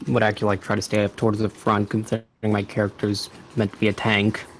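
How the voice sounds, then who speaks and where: Male player, low monotone, matter-of-fact. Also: fast, a little hiss or hum. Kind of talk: casual game chat.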